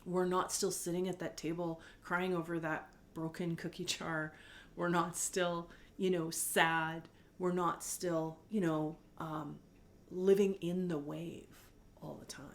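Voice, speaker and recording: Middle-aged woman, heartfelt confessional host, soft and candid, prone to tears. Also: medium pitch. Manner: gentle, candid, tearful at times, rambling with fillers. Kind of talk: heartfelt personal talk to camera.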